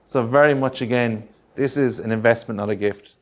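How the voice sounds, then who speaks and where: Aussie guy running a workshop, punchy and upbeat, keeps asking the room "all right?", middle-pitched voice. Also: fairly quick. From Australia. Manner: energetic, punchy, checks in with the room with "all right?" and rhetorical questions. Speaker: grant writing workshop presenter. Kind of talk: live workshop presentation.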